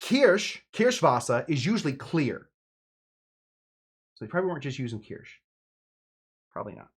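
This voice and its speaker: A man's voice: a little high, very animated, moderate pace, slightly rough. Rambling, jokey man making cocktails. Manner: rambling, jokey, chatty, with many fillers. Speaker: home bartender host. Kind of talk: casual cocktail-making video with live chat.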